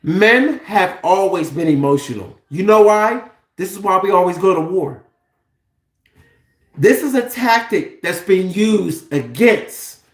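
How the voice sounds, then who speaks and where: Heated man ranting in an echoey room. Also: high-pitched. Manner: heated, profane, preachy rhetorical questions. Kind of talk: impassioned monologue to camera.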